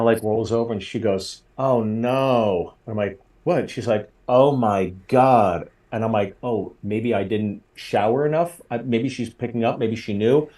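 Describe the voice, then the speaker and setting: A comedian in his forties telling a story in casual chat, getting loud and high when he acts out quotes. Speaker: comedian guest.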